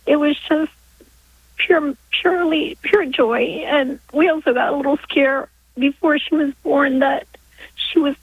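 A woman in her forties, calling in to a radio show by phone, who speaks in an emotional, halting way with frequent restarts. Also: sits high, fairly even intonation, dry recording. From Long Island, New York. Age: 40s. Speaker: caller. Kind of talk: call-in testimony. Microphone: telephone. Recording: tinny phone line.

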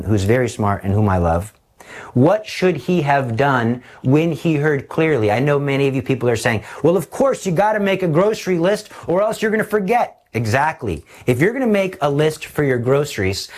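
A man preaching a sermon, telling stories in an animated way and acting out the voices. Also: medium pitch.

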